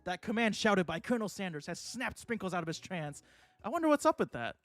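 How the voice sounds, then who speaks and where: A young adult man gives fast, excitable, casual commentary while streaming a game, laughing and swearing a lot. His voice is high, and the recording is dry and close with no echo and faint background music.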